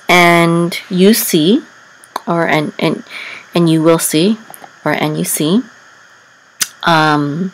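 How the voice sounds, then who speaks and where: A woman with a somewhat low voice leads a step-by-step lesson. She patiently sounds out each syllable and corrects herself as she goes. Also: fairly bright tone, poor audio. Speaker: Hebrew and Torah chanting teacher.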